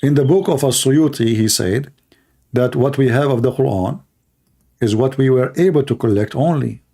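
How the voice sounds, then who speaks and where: Gravelly, dark-voiced man hosting a livestream. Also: medium pitch. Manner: mocking, laughing at callers; repeats words in quick bursts. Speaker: livestream host taking calls. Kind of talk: casual livestream talk.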